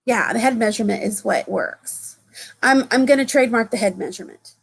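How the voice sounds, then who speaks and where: Bubbly high-voiced woman, breathy. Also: a little fast. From southern US. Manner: bubbly, giggly, gushing. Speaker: host. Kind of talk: casual live chat.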